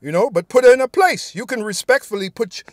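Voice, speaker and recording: A man's voice: very high-pitched, animated, brisk, dry recording, studio quality. A man giving an informal sermon, reading scripture aloud and speaking bluntly and profanely, often tacking "man" onto his sentences. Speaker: preacher.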